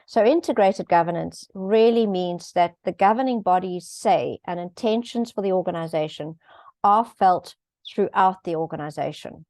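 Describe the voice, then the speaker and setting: A woman's voice: lowish voice, normal speed, a little mellow, no echo. A middle-aged woman explaining governance topics in a conversational way, with light laughs and frequent ums. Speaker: governance expert speaking on a panel. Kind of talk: conversational explanation in an online event.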